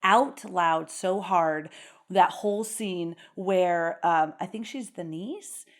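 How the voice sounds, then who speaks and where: A woman's voice: fairly low pitch, takes it slowly. A young adult woman, a podcast host, chatting casually about a horror film, swearing freely and breaking into laughter as she talks. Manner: animated, swears freely, laughs while talking. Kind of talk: casual movie chat.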